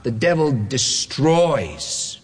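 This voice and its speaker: A man preaching a sermon, emphatic and repetitive, leaning on slow stressed words. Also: medium pitch, very animated, breathy edge. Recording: long reverb of a large hall.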